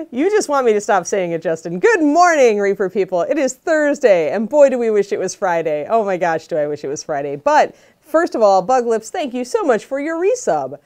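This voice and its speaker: A woman's voice: on the high side, very animated, moderate pace, a little mellow. A woman casually hosting a livestream, chatting and greeting viewers by name. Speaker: host of a miniature painting livestream.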